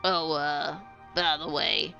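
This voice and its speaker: A woman narrating a tabletop game as game master, pausing often with fillers. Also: low voice, little pitch movement, creaky, bright, forceful tone, soft background music. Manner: hesitant with many fillers. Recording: dull lo-fi sound.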